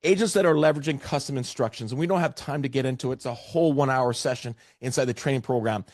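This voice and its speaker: A Canadian man presents a webinar over a video call with energy and emphasis, doubling up words as he drives his points home. His voice sits in an average pitch, and the sound is dry and close. It has the feel of a coach talking straight to his audience. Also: quick pace, a little mellow, no room sound.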